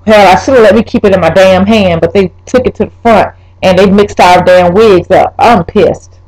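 A young woman vlogging a wig review, talking straight to her viewers, swearing and exasperated, her voice jumping up high when upset. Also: moderate pace, a little mellow, rough recording. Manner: pitch leaps when upset. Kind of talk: casual vlog, ranting.

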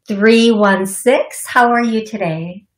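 Slow-talking woman psychic hosting a call-in show. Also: mid-range voice, roomy sound. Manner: chatty, reassuring, giggly asides. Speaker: psychic medium radio host.

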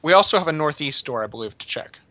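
A man plays a tabletop game, chatting casually and tossing out quick quips. His voice is fairly high and bright, with lively pitch, and the recording is dry and close. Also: no room sound. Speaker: player.

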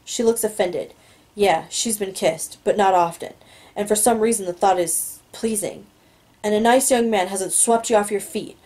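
A woman's voice: mid-range voice, normal speed, a little mellow, poor audio. A woman reading a novel aloud, narrating in the first person in an inward, musing way. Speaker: audiobook reader.

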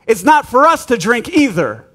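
A male pastor preaching and leading prayer, urging the church with repeated calls that build into shouted prayer. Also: very high-pitched, wildly swooping pitch, normal speed. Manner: urgent, repetitive exhortation building to shouted prayer. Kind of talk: sermon and prayer.

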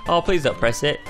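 A man's voice: a little high, a bit bright. A man, hosting casual gameplay commentary, joking with sudden yelps and laughs. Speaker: gaming channel host.

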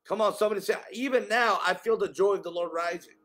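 A man's voice: sits high, fast talker, hardly any pauses, a bit bright, faint music behind. A man preaching an exuberant sermon, calling for responses from viewers and breaking into tongues. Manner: exuberant, call-and-response exhortations; bursts into tongues. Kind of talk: livestreamed sermon.

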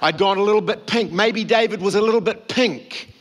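A man's voice: sits high, a little fast. A man preaching a sermon, telling the story and acting out the quoted voices. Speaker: pastor. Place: church hall.

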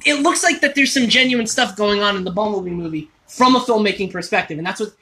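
A man hosting a casual chat, talking quickly and excitedly, often cutting himself off mid-sentence, in a toy store. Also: high-pitched. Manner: rapid, excitable, self-interrupting fan talk. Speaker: host.

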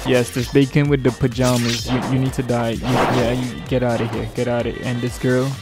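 Man, gaming commentary, gravelly voice, mock-villain trash talk, game music underneath. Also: medium pitch, level tone, brisk. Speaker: gaming YouTuber. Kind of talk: live gameplay commentary.

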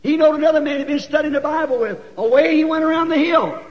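High-voiced folksy preacher with twang. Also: male voice, quick pace. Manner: folksy, animated, rising to shouts. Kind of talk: sermon storytelling. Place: church. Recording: dull 1960s church tape with long reverb.

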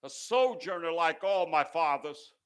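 A male pastor preaching an impassioned sermon that swells loud and sinks low, sometimes stumbling over words. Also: expressive, measured pace, clean tone. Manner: impassioned, swells and drops in volume.

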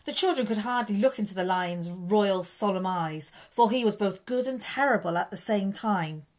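A woman, a primary school teacher, reading a children's story aloud in an expressive, lively way. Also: medium pitch, moderate pace.

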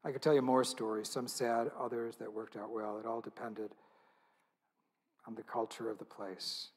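Husky man, church speaker, earnest storytelling talk. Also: lowish voice, level tone, normal speed. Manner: earnest, intimate storytelling with quoted dialogue.

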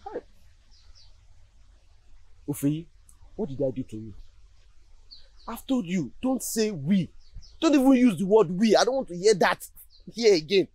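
A man's voice: sits high, animated, moderate pace, darkish tone, no echo. A man with a Nigerian accent acting in a film drama, lecturing a friend in a scolding manner.

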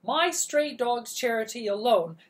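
A woman voicing a rich, bossy elderly great-aunt who issues orders in a loud, haughty way. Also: on the high side, expressive, unhurried, pitched above the performer's own voice. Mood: imperious.

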